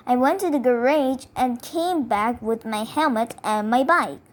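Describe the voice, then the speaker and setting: A woman reading a children's chapter book aloud in a gentle, careful storytelling manner. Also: on the high side, measured pace, few pauses. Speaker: reader.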